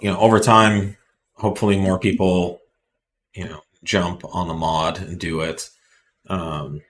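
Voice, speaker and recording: Man, very deep voice, blunt, rambling, casual live Q&A. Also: level tone, measured pace, a bit bright. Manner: blunt, rambling, frequent fillers and restarts. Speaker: company representative hosting live Q&A.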